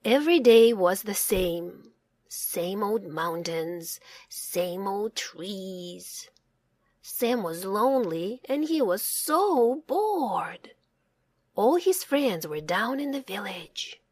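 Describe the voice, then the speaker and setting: A woman narrating a children's storybook in a slow, expressive read-aloud manner. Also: mid-range voice, dry recording, studio quality.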